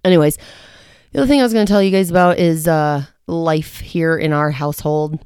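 Low-voiced woman rambling on her own podcast, a bit short of breath, dry close sound. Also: a little fast, darkish tone, clean tone, dry recording. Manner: rambling, chatty, self-mocking. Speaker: podcast host. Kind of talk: casual solo podcast chat. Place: quiet home in the early morning.

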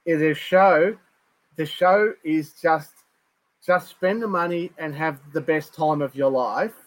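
A man's voice: fairly high pitch, slow pace, poor audio. A man co-hosting a casual knife-making livestream, reading out viewer comments in a blunt, sweary, laid-back way. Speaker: co-host of a knife-making show.

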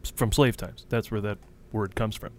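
A man's voice: on the low side, fairly even intonation, moderate pace, no room sound. A man hosting an interview, chiming in with short remarks and brief explanations. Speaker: interview host. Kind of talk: casual chat.

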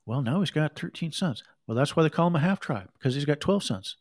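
A middle-aged man preaching a sermon, reading scripture and breaking off into conversational asides and quick acted quotes. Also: fairly high pitch, animated. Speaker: pastor.

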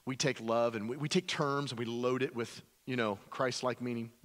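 A male pastor preaching a sermon in an animated, repetitive way, acting out quotes as he goes. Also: medium pitch, normal speed.

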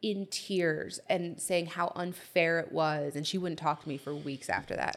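A woman's voice: low voice, steady tone, normal speed, few pauses. A woman co-hosting a podcast, chatty and telling stories in casual conversation. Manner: chatty, storytelling. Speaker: podcast co-host. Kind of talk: casual chat.

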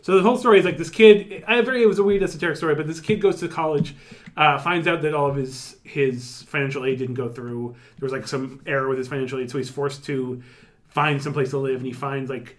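A man in a casual chat, talking in quick bursts with many fillers and restarts. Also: fairly high pitch. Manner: rapid, filler-heavy, restarts often. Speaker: podcast co-host.

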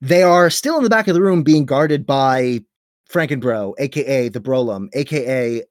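A man's voice: mid-range voice, moderate pace, no room sound. A man running a tabletop game, narrating scenes in a playful, chatty way. His voice is recorded close and dry, with no room sound. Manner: playful, chatty, laughs often. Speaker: game master.

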